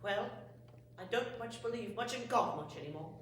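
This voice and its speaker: A woman's voice: fairly high pitch, animated, normal speed, a little hiss or hum, lightly acted. Woman playing a meek, rambling rector. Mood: sheepish. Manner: polite, rambling, mild. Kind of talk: amateur stage comedy. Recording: echoey hall, from far off.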